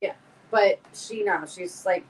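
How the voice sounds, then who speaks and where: A woman in the middle range of pitch, chatting on a podcast. She tells stories with plenty of animation, acting out quotes and dropping casual swears. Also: slow, slight background noise, low-quality recording. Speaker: podcast co-host.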